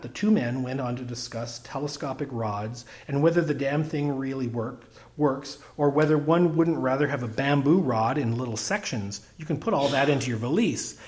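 A man reading a humorous story aloud with an expressive, wry delivery. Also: mid-range voice. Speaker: narrator.

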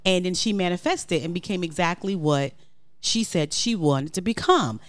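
A woman co-hosting a family podcast, joking and chiming in with quick affirmations. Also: fairly low pitch, no room sound. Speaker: podcast co-host and mother. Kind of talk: casual family podcast chat. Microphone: studio microphone.

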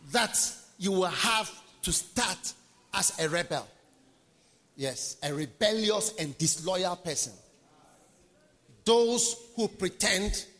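A male pastor preaching an emphatic, repetitive sermon in a high, bright voice. He swings between hushed lines and shouts, and a long reverb fills the large conference hall.

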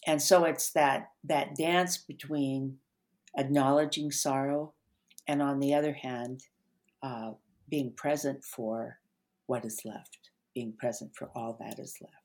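Very low-voiced older woman, gentle. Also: steady tone. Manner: gentle, unhurried storyteller with soft trailing endings. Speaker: author and therapist guest. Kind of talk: reflective interview talk.

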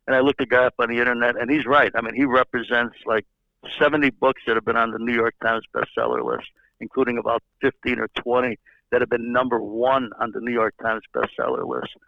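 A man's voice: mid-range voice, brisk, vocal fry, no room sound. An older man, a former baseball executive, telling long anecdotes in a rambling way with many fillers and restarts. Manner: rambling storyteller who repeats words and uses many fillers. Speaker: interview guest, former baseball general manager. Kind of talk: casual anecdotal storytelling. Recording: slightly dull lo-fi sound.

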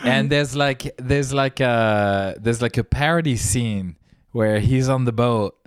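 A man from France with a French accent, a guest on a podcast, chatting casually and joking in an unhurried way. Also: mid-range voice, smooth, no room sound, clean studio sound. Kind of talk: casual chat.

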